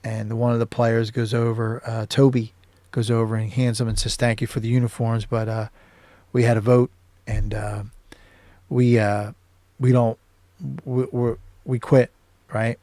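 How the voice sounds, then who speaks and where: A man's voice: medium pitch, little pitch movement, a little slow, warm tone, dry recording. A man hosting his own show, casually recapping a film scene by scene, with many ums and uhs. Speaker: show host.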